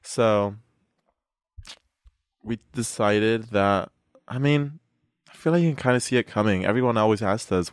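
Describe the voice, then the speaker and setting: A young man with a fairly low voice hosts a casual podcast chat. He rambles, laughs often and talks expressively. The sound is close and dry on a studio mic. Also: unhurried, pauses often, clear, resonant tone, dry recording. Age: young adult. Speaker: podcast host.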